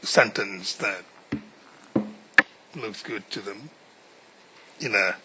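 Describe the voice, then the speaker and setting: A man questioning counsel from the bench as a judge, deliberate and probing. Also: fairly low pitch, background noise. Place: courtroom.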